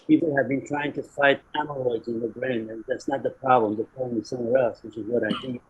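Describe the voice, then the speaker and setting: A man's voice: medium pitch, steady tone, fast talker, slightly rough. A man speaking as a panelist, opinionated and blunt in his points. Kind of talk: panel discussion. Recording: dull lo-fi audio.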